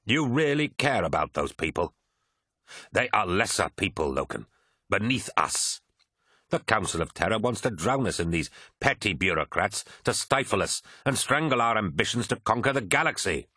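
A man voicing an arrogant, contemptuous giant warrior captain in an audiobook, with a husky, tense voice. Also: lowish voice, very animated, moderate pace, pushed and bright, no room sound, studio quality, pitched above the performer's own voice, exaggerated voice. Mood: sneering. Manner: scornful and contemptuous.

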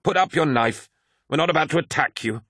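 Man putting on a scheming warrior, slow and menacing, higher voice, husky. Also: fairly bright tone, no echo, clean studio sound. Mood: grave. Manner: measured, menacing. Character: scheming, cold male warrior conspirator. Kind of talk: audiobook character voice.

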